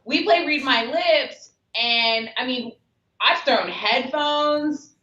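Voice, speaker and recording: A woman's voice: high voice, pushed and bright, roomy sound, lo-fi sound, a little hiss or hum. A woman guest on a sports radio show, chatting candidly and telling stories with lots of "like". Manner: candid, fast storytelling with "like" fillers. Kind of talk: casual radio chat.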